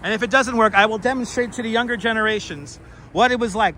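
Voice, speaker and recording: A man's voice: high voice, quick pace, sharp tone, rough recording. A man hosting a walking livestream outdoors, chatting casually and rambling to viewers on a clip-on mic. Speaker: walking tour livestream host. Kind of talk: casual live-stream chat while walking. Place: outdoors on windy city streets. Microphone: wireless clip-on mic. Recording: windy outdoor street recording. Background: wind and traffic noise.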